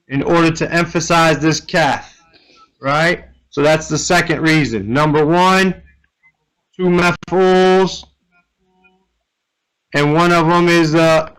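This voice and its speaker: A man's voice: fairly high pitch, a bit bright, clear, resonant tone, rough recording. A man teaching Arabic grammar in an online class, explaining step by step and often checking in with "right?".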